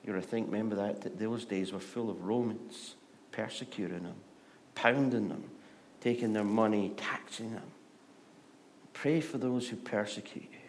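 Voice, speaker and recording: A middle-aged Scottish pastor preaching a sermon, telling stories and moving between hushed and loud, lively delivery. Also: male voice, fairly low pitch, moderate pace, slight background noise. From Scotland. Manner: storytelling, shifts from hushed to loud and animated.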